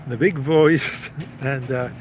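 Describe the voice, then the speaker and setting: A man's voice: mid-range voice, steady tone, slow pace, background noise. A man hosting a live stream, telling a story in a casual, rambling way. He often stops and repeats words as he goes.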